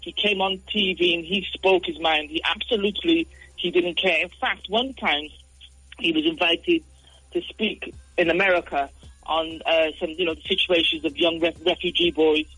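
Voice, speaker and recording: A man speaking as a radio show guest in a casual discussion, earnest and measured. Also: a little high, bright, forceful tone, breathy edge, dry recording, low-quality recording.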